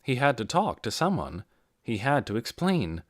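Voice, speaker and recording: A man reading an audiobook in a measured way, giving key phrases slow, deliberate emphasis. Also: medium pitch, very animated, no echo, studio quality. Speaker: audiobook narrator. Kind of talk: scripted narration.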